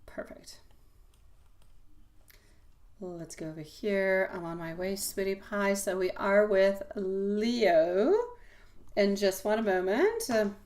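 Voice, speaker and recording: A woman's voice: medium pitch, slow pace, darkish tone. Encouraging woman reading tarot live. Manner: encouraging, affectionate pep talk with pet names. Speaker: tarot reader.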